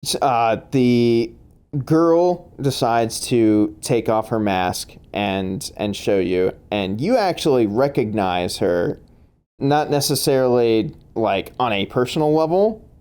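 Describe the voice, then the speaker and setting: A man's voice: mid-range voice, animated, takes it slowly, darkish tone, clear, resonant tone. A man running a tabletop game as game master, laughing often and talking with many fillers and restarts.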